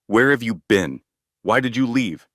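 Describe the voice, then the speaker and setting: A man's voice: medium pitch, lively intonation, measured pace, fairly bright tone, no echo, studio quality, voice pushed up. A man voicing a shaken wealthy man who pleads in unsteady, raw questions in a storybook drama. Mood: desperate.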